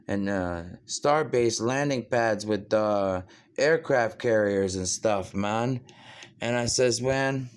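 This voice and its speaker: Man, rambling monologue, clear resonant voice, keeps saying "man", puffs and sighs. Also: medium pitch.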